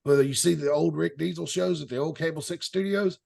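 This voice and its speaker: Gravelly-voiced man telling old stories. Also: on the high side, brisk, darkish tone. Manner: rambling, anecdotal, chuckling asides. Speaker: host. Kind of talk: casual storytelling chat.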